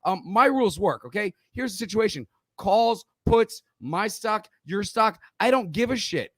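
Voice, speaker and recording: Middle aged guy teaching trading, kinda high voice, blunt and sweary, keeps saying okay, dry close sound. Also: expressive, measured pace, no room sound. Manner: blunt, profane, emphatic, keeps checking in with "okay?". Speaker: trading educator. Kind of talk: casual spoken lesson.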